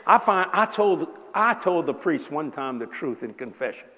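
A man's voice: on the high side, very animated, normal speed, fairly bright tone. A man in his seventies preaching a sermon, talking casually with the congregation and telling joking stories. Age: 70s. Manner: conversational, joking storytelling with congregation. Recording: long hall reverb.

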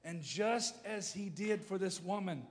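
A man preaching a sermon as pastor of his church, impassioned, moving between loud calls and low, quiet storytelling. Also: a little slow. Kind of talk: sermon with prayer. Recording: long hall reverb.

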